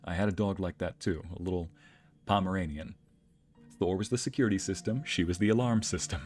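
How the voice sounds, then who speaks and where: A young adult man streaming, who tells anecdotes in a casual, animated way and laughs often. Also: low voice, fairly quick, soft background music. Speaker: streamer and narrator. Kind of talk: casual storytelling chat.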